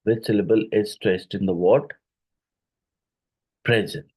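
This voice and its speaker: A man's voice: low-pitched, measured pace, dark tone, slightly rough, rough recording. A man with an Indian English accent teaching a lesson, going through exam questions step by step with many fillers.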